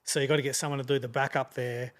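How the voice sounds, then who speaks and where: An Australian man in his fifties, a rapper chatting casually as a podcast guest, talking quickly and rambling. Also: medium pitch, level tone, fairly bright tone. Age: 50s. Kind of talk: casual chat.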